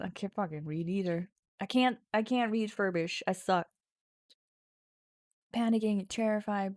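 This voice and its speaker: A woman streamer casually reading a text adventure game aloud, playful and giggly, often breaking into loud mock shouting. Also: mid-range voice, a little slow, no room sound.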